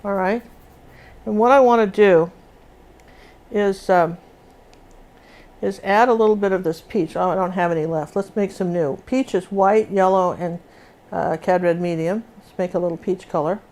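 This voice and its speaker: Painting with acrylics live, this older instructor chats as she works and keeps restarting her sentences. She speaks at a normal speed with fairly even intonation, long pauses, and a mid-range, darkish voice.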